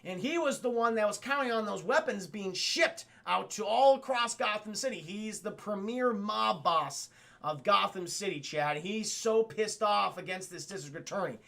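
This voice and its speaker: High, gravelly, bright-voiced male streamer. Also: lively intonation, moderate pace. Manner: profane, rambling, calls chat "Chad". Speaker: streamer reviewing cartoons. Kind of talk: casual spoiler recap to live chat.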